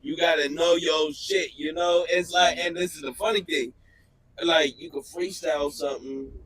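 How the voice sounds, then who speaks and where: Higher-voiced man, dry close sound. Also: steady tone, normal speed, a bit bright, breathy edge, no echo, rough recording. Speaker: rapper. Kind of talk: casual podcast chat.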